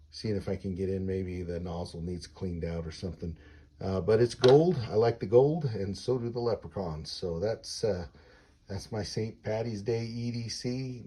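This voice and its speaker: Man, very low voice, husky, relaxed show-and-tell, lots of ums and uhs. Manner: relaxed, many filler sounds. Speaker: everyday-carry gear reviewer.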